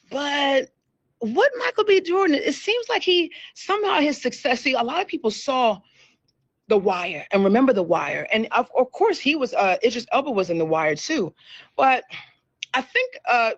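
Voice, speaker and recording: A woman hosting a casual entertainment news show, chatty and animated, repeating words for emphasis. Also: mid-range voice, no echo, muffled recording. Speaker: show host.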